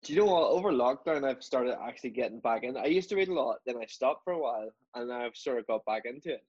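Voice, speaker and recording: A man's voice: mid-range voice, expressive, fast, a little mellow, husky. A man co-hosting a podcast in casual chat, dry and self-deprecating. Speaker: podcast co-host. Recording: dull lo-fi podcast audio.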